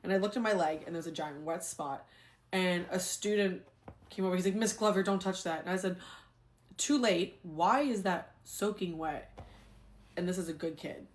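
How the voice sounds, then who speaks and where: A young adult woman, a former teacher, telling a story in a casual, animated, exasperated way. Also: fairly low pitch, brisk.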